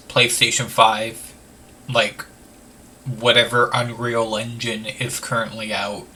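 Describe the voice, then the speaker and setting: A man talks slowly and loosely over a game, filling gaps with "like" and dropping casual swears. His voice is bright and a bit far from the mic, with a faint hiss underneath. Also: medium pitch. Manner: rambling, full of "like", swears casually. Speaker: let's play host. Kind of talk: casual gameplay commentary.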